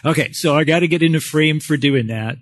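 A man's voice: fairly high pitch, steady tone, fast talker, no room sound, clean studio sound. A male pastor preaching a sermon in a folksy, conversational way, with self-deprecating humor.

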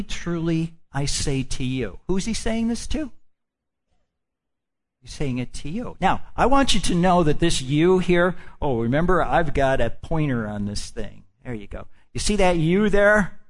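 A man's voice: a little high, very animated, unhurried. A man preaching a sermon. He draws out his phrases for emphasis and puts questions to the congregation. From Midwestern United States.

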